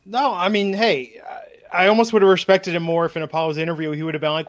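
A man's voice: high voice, level tone, fast talker. A man co-hosting a casual podcast, easygoing and joking. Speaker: podcast co-host. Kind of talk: casual chat.

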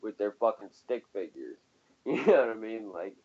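A man's voice: lowish voice, very animated, moderate pace, a little mellow, muffled recording. A man co-hosting a casual podcast chat, profane and ranting, laughing often. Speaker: podcast co-host.

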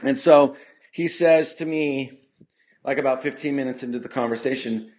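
Speaking at normal speed in a medium, slightly mellow voice, this California punk musician spins a lengthy tale as a podcast guest. He performs the quotes himself and leans on "you know" a lot. The studio mic picks up a bit of background noise.

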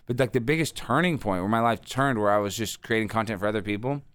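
A man in his thirties, a guest telling rambling, animated stories with lots of fillers. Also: lowish voice, quick pace, clear, resonant tone, no echo. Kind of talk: casual interview storytelling.

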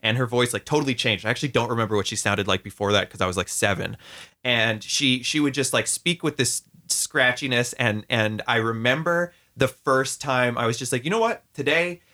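Young adult man, bright clear tone, relaxed guest chatter that wanders and reflects. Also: medium pitch, fairly quick. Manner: rambling, reflective, many filler words. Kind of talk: casual heartfelt conversation.

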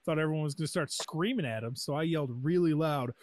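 A man, co-hosting a podcast and telling a lively, jokey story in casual chat, acting out quotes. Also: fairly high pitch, fast, heavy background noise. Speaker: podcast co-host.

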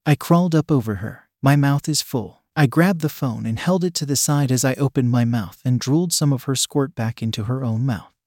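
A man reading a first-person story aloud in a steady, even way. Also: medium pitch, moderate pace, few pauses, no room sound, clean studio sound. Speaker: narrator.

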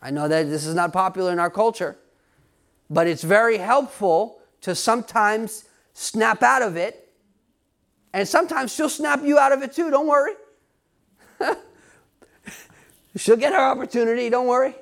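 Extremely high in pitch, expressive, gravelly, and a bit bright, this man's voice moves at a moderate pace with long pauses. He's a pastor preaching with emphasis, talking directly to the congregation, often questioning them and laughing now and then.

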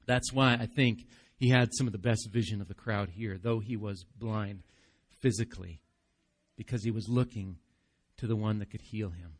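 A man preaching a live church sermon, animated, acting out voices in the story and dropping soft for emphasis. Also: lowish voice, normal speed. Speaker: pastor.

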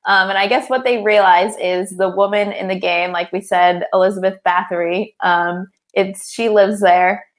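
A woman's voice: medium pitch, fairly even intonation, normal speed, hardly any pauses. Young woman on a movie podcast, chatty, says like a lot, easy mid voice. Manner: chatty, laughs often, lots of "like". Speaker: podcast co-host. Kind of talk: casual movie recap chat.

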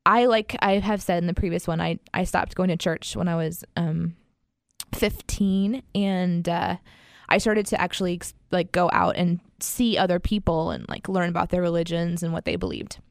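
A woman's voice: fairly low pitch, moderate pace, gravelly, dry recording, studio quality. A woman telling a personal story in casual conversation, rambling with many fillers and frequent laughs. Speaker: guest sharing her story.

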